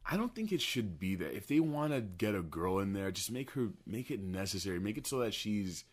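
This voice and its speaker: A man co-hosting a podcast in casual chat, excitable and profane, often stumbling over his words. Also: lowish voice, brisk, husky. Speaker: podcast co-host.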